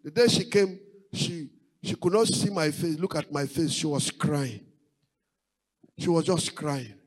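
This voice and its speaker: A man's voice: a little high, unhurried, rough recording. A male pastor preaching a sermon, building his points through repeated rising exclamations.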